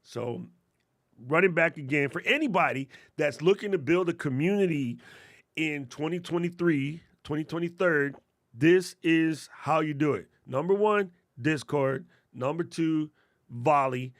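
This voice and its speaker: A man hosting a live question-and-answer stream, giving casual, energetic advice in slangy talk and calling viewers family. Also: fairly high pitch, a little slow, dry recording, studio quality. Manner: energetic, slangy, addresses chat as fam and family. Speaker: host answering creator questions.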